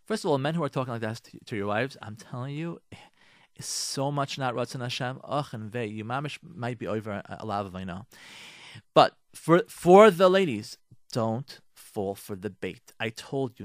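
A man's voice: mid-range voice, animated, moderate pace, dry recording, clean studio sound. A man hosting a radio advice talk. He speaks emphatically, repeats his key points, speaks straight to his listeners and drops in Hebrew and Yiddish religious words. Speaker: radio host giving marriage advice.

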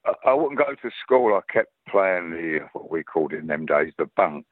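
A man's voice: deep voice, moderate pace, dry recording, phone-quality sound. An older man with a Cockney London accent, a guest actor telling rambling anecdotes in casual chat. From London, England. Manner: rambling storyteller, lively, restarts often.

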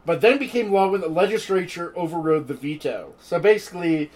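A man's voice: sits high, expressive, brisk, a little mellow, rough recording. A man co-hosting a podcast, reading history notes aloud with irreverent, jokey asides. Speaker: podcast co-host. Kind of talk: casual chat and reading history.

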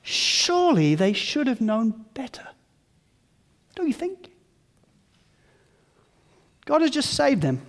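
A man preaching a sermon, animated, who acts out the grumbling voices of the people in his story. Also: high voice, unhurried, pauses often, long reverb tail. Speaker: pastor.

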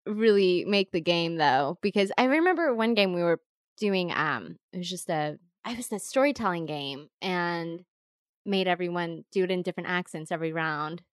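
Woman, podcast co-host, casual chat, quick reactions, dry recording. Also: on the low side, animated, clear, resonant tone, no room sound. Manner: chatty, quick reactions, self-correcting.

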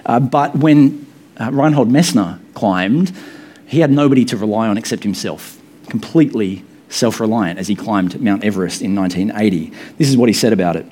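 Man in his thirties, church pastor, relaxed joking sermon, lots of filler sounds. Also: on the low side, normal speed. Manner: casual, good-humoured, with many fillers. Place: church hall with echo.

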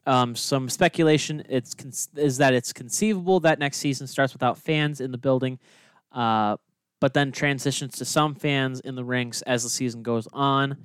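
A man's voice: mid-range voice, moderate pace, fairly bright tone, clear, resonant tone, dry recording. A young man co-hosting a sports podcast, reading the news in a dry, exasperated way. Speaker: podcast co-host.

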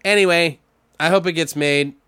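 A man's voice: a little high, moderate pace, sharp tone, clear, resonant tone, dry recording, studio quality. A man co-hosting a casual podcast, swearing a lot and rambling through horror news, a bit tipsy. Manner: profane, rambling, jokey. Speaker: podcast co-host.

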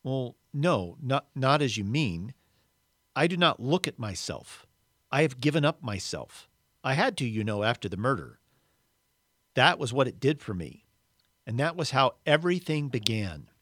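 A man voicing a serene, kindly male spirit who talks calmly and patiently. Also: medium pitch, normal speed, dry recording, studio quality. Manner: calm, patient, reassuring.

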